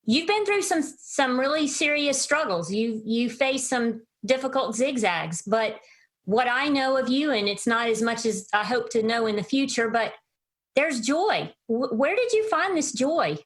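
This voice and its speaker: Fairly high-voiced woman podcast host. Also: animated, unhurried. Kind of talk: interviewing a guest.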